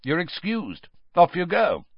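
A man voicing a grizzled, menacing old male wizard teacher who growls out slow commands, in a slightly muffled recording. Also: sits high, wildly swooping pitch, breathy edge, no room sound, pitched above the performer's own voice, exaggerated voice. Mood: gruff.

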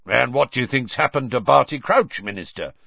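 A man voicing a gruff veteran male wizard with a growling voice. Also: medium pitch, lively intonation, a little fast, no room sound, lo-fi sound, voice pushed up.

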